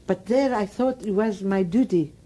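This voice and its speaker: A woman's voice: medium pitch, normal speed, mellow. A woman in her nineties with a Greek accent, speaking broken English in an emphatic, repetitive way as an interviewee. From Greece. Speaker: Holocaust survivor interviewee. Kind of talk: oral history interview.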